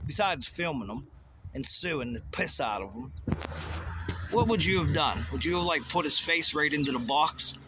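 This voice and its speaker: A man's voice: fairly high pitch, expressive, moderate pace. Agitated, profane man ranting over noise. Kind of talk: angry rant. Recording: noisy background.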